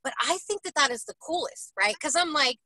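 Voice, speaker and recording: A woman's voice: sits high, lively intonation, brisk, bright, forceful tone, dry recording, rough recording. A woman hosting a casual interview, gushing and enthusiastic, often tagging her points with "right?". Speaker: interviewer and host.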